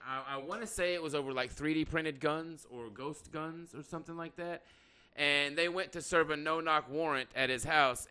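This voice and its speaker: A man's voice: medium pitch, pushed and bright, smooth. A man hosting a podcast in casual chat, talking in a blunt, profane and rambling way. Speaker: podcast host; electrician by trade.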